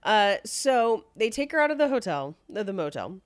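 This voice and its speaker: A woman hosting a podcast tells a true-crime story in a loose, chatty way, laughing as she goes. Her voice sits at a middle pitch and is recorded close and dry, with no room sound. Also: sing-song, normal speed, no room sound. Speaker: podcast host.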